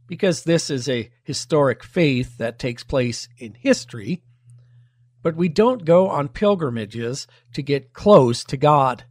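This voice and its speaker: Male preacher, sermon delivery, slow unhurried pace, dry close sound, emphatic rhetorical questions. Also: fairly high pitch, darkish tone, no room sound. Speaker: pastor.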